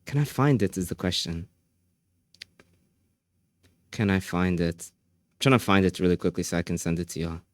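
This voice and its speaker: A man livestreaming, chatting casually with his viewers, excitable and repeating phrases as he laughs often. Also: sits low, moderate pace, pauses often, dry recording, studio quality.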